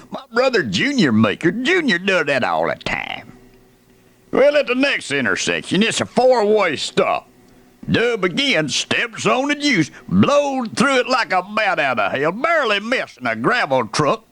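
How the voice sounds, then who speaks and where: A man's voice: sits high, wildly swooping pitch, measured pace, fairly bright tone, full character voice. A man playing an indignant folksy redneck who rants about dumb neighbors. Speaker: radio comedian.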